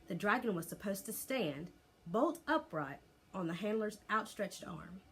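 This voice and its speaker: A woman reading a children's chapter book aloud as a teacher, in an expressive, lively storytelling voice. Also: medium pitch, a little slow, husky.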